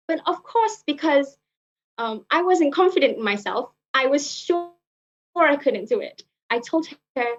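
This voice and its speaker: Earnest young woman with a higher voice. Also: lively intonation, a little slow. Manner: earnest, repeats phrases, frequent fillers. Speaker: club speaker. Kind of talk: prepared personal speech. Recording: muffled lo-fi recording.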